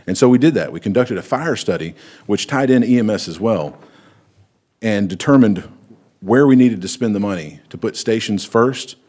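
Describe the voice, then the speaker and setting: A man, chairing a county council meeting and explaining things in a measured way. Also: on the low side, darkish tone.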